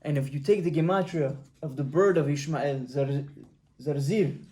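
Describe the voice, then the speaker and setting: A man's voice: a little high, normal speed, darkish tone. A man giving a Torah talk as a rabbi, telling a story and acting out its dialogue, often restarting words.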